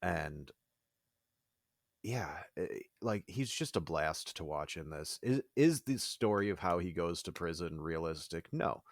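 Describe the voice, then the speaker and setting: A man's voice: low-pitched, expressive, a little slow, vocal fry, no room sound, clean studio sound. A man co-hosting a podcast, talking casually and animatedly, with frequent "like" and laughs. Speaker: podcast co-host.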